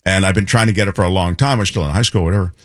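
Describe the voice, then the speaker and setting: A man co-hosting a show, telling a lively anecdote in casual chat and imitating people as he goes. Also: deep voice, rapid-fire, dry recording, studio quality. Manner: animated anecdote teller, imitates voices.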